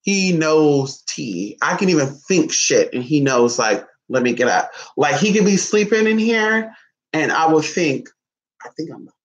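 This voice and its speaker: A man's voice: fairly high pitch, animated, a little slow, slight background noise. A man in casual vlog talk, playful and sassy, cooing baby talk at his dog between remarks to viewers. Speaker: vlogger. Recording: dull lo-fi sound.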